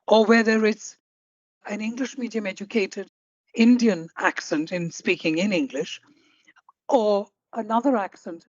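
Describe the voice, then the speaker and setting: A woman hosting an interview podcast who speaks in a measured, deliberate way and sums up her guest's points. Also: medium pitch, no room sound, lo-fi sound. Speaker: podcast host.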